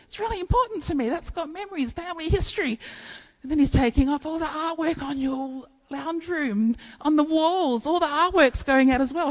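A woman preaching a sermon, telling stories in an animated way and acting out playful bits of dialogue. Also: high voice, rough recording.

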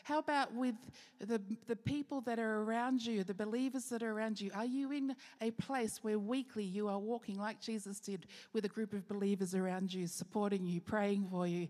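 A woman pastor giving an earnest sermon with rhetorical questions, slowing down for key phrases. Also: mid-range voice, steady tone, darkish tone. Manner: earnest preaching, rhetorical questions, slows for emphasis. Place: church hall. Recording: long hall reverb.

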